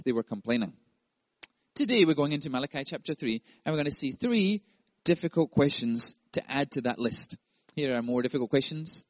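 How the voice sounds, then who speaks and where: A man's voice: medium pitch, expressive, fairly quick, dry recording. A male pastor preaching a sermon, playful and jokey, acting out voices.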